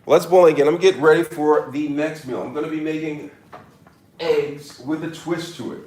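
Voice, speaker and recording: A man's voice: a little high, a little fast, darkish tone. Hammy man cooking on camera. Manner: mock-serious, hammy, repeats catchphrases. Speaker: cooking vlogger. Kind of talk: casual cooking demo to camera. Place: home kitchen.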